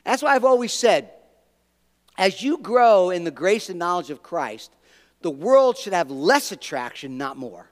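A man's voice: high-pitched, sing-song, unhurried, in a large hall. A man preaching a sermon as pastor, emphatic, asking the congregation questions and repeating words for weight.

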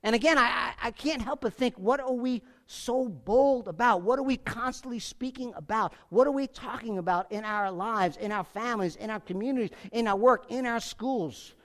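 Emphatic high-voiced male preacher. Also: moderate pace, hardly any pauses. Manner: emphatic, repeats phrases, rises to forceful peaks then drops quiet; casual fillers like "like" and "you know". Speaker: pastor. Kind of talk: sermon.

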